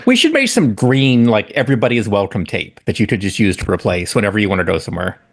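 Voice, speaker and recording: A man's voice: on the low side, expressive, quick pace. A man co-hosting a comedy podcast, playing the bemused straight man who feeds his partner questions. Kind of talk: improvised comedic bit.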